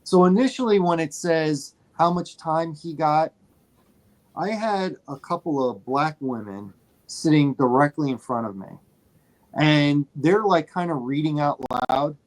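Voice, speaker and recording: Animated man telling a story. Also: fairly high pitch, a little slow. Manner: animated storyteller, repeats phrases for emphasis. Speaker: podcast co-host. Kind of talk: casual movie chat.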